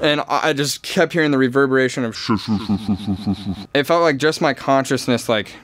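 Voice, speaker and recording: A man's voice: medium pitch, expressive, fairly quick, a bit bright, no room sound. Rambling young man telling a story. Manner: rambling, filler-heavy, candid. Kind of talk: personal storytelling.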